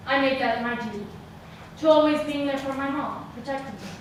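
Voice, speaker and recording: High bright young woman, echoey stage. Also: fairly quick, a little hiss or hum. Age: young adult. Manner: dramatic, swinging from hushed to shouting. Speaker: student performer. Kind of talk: solo stage monologue. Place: theater stage, live audience hall. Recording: echoey hall sound from a distant mic.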